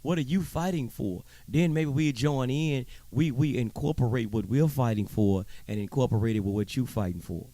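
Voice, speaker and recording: A man's voice: mid-range voice, normal speed, few pauses, mellow, no room sound. A man hosting his own show, delivering a heated, profane commentary monologue with preachy emphasis and stammering repeats. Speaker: show host.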